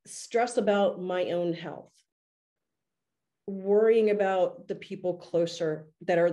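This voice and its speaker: A woman's voice: fairly low pitch, mellow. A woman co-hosting a podcast, talking earnestly and at length in a casual discussion, now and then laughing at herself. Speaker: podcast co-host.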